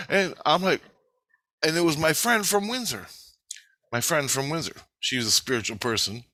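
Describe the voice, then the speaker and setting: A man telling a long story in a casual vlog, rambling, animated and profane. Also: a little high, normal speed, no echo.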